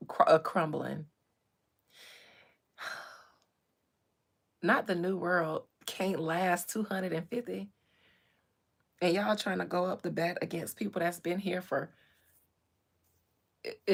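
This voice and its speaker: A woman's voice: on the low side, gravelly. A woman hosting a live stream, ranting in a blunt, slangy, profane and sassy way. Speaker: livestream host.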